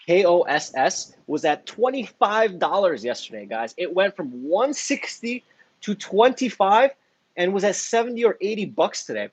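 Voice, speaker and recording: A man's voice: high-pitched, very animated, normal speed, slightly rough, no echo, highs cut off. A man, a stock trader, explaining his trades in a blunt, heated, swearing way, often tagging lines with "right?". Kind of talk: casual profane explainer.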